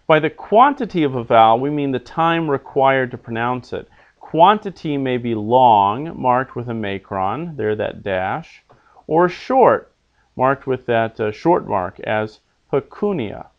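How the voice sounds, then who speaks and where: A man teaching a recorded Latin class, who explains rules patiently and repeats each example word slowly. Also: mid-range voice. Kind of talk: recorded online lesson. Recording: dull lo-fi recording.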